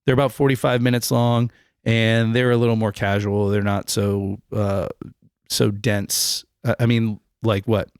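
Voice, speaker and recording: A man's voice: on the low side, level tone, a little slow, clear, resonant tone, no room sound, studio quality. A man co-hosting a podcast, rambling loosely and joking through the outro. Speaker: podcast co-host.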